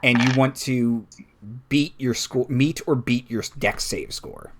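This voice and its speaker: A man's voice: medium pitch, slow. A man running a tabletop game as game master, describing scenes with lots of fillers.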